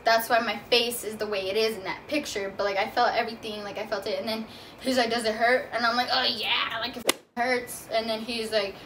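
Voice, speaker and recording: Chatty young woman, bright voice. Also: fairly high pitch, fairly even intonation, fast talker. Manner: casual, chatty, many "like" fillers. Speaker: vlogger. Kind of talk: storytime vlog. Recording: from a distance, faint room noise.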